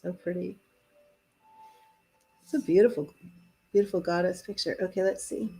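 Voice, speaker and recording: A woman's voice: on the low side, fairly even intonation, moderate pace, pauses often, mellow, breathy edge, rough recording. A woman hosting a live-streamed tarot reading, chatting casually, laughing often and reading card messages aloud. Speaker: tarot reader.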